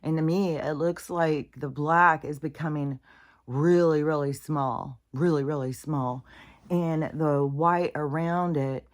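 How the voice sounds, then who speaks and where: A woman with a low, deep-set speaking voice rambles through a candid personal vlog. She swears freely and drifts between thoughts, sometimes dropping into a whisper for an aside. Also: fairly even intonation, slow. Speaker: vlogger. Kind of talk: casual rambling monologue.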